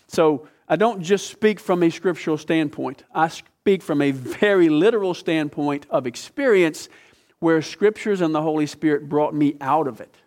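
Animated man preaching a sermon. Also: fairly high pitch. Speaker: pastor and counselor.

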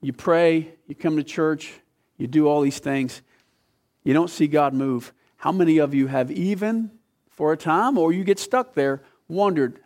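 Pastor guy preaching, kinda high voice, climbs way up quoting scripture then drops low and quiet. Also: a little slow, long pauses. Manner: earnest, voice climbing high when quoting, dropping low to drive points home. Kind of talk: sermon.

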